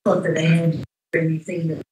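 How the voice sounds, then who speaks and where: A woman giving expert testimony in a courtroom under cross-examination, halting and often trailing off mid-sentence. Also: deep voice, monotone, warm tone. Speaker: expert witness. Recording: roomy, distant courtroom audio.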